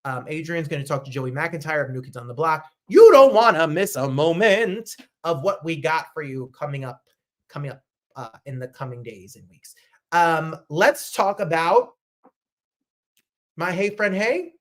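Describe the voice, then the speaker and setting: Animated chatty male talk show host. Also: a little high, normal speed. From New Jersey. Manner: animated, gushing, chatty asides. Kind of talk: casual livestream chat.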